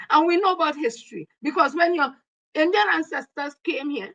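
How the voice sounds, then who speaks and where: Combative Trinidadian woman, higher voice. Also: lively intonation, a little fast, bright, forceful tone, muffled recording. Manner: combative, scolding. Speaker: online commentator. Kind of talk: heated commentary with read-out quotes.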